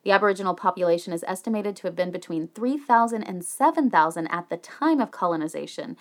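Bright, lively American woman. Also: mid-range voice. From United States. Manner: swears casually, jokey asides. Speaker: podcast co-host. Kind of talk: casual chat reading history notes.

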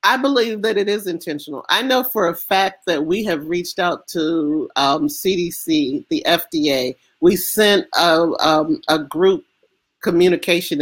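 Casting: American woman, lower register, emphatic and impassioned interview guest, frequent restarts. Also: a little slow. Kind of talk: emotional interview conversation.

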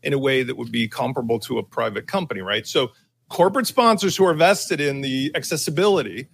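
A man on a tech talk panel making an emphatic case through a story, theatrical and building to loud points. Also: medium pitch, brisk, gravelly, husky. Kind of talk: animated opinion talk with storytelling.

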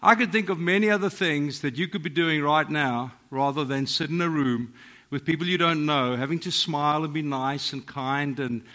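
Older South African preacher, bright voice. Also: male voice, fairly high pitch, normal speed. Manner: humorous, self-deprecating, lively storytelling. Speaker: guest preacher. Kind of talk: sermon. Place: church hall.

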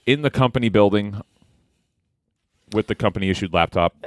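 A man's voice: on the low side, normal speed, no echo, clean studio sound. A man co-hosting a podcast, joking around in casual banter and laughing often. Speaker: podcast co-host.

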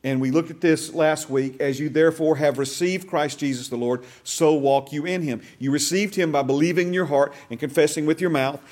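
A man's voice: fairly high pitch, steady tone, brisk, hardly any pauses, a little mellow. A man teaching a discipleship class, reading scripture aloud and stressing key phrases with emphatic repetition. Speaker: bible teacher.

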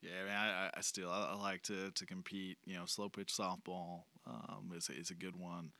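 A man's voice: deep voice, flat delivery, creaky, sharp tone, dry recording. A man who is a pastor, talking earnestly in a casual podcast interview and often restarting his sentences. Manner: halting, many restarts, earnest. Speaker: pastor guest.

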